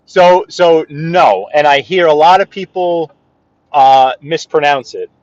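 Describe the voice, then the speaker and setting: A man's voice: on the high side, takes it slowly, dry recording. A man with a Brooklyn accent, hosting a casual live stream from his car and rambling to viewers and a guest. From Brooklyn, New York. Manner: rambling, chatty, answers viewers' comments. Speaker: livestream host. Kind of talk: casual live-stream chat while driving. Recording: dull, dry lo-fi sound.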